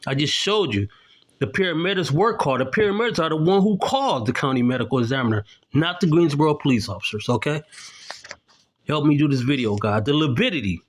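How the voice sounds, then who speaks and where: Middle-aged man, raised pitch, emphatic vlogger cadence, pointed and insistent, checks in with "okay?". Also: lively intonation, fast talker. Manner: indignant, accusatory, keeps tagging "okay?"; explains while showing documents to the camera. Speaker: independent video commentator. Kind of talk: emphatic on-camera commentary.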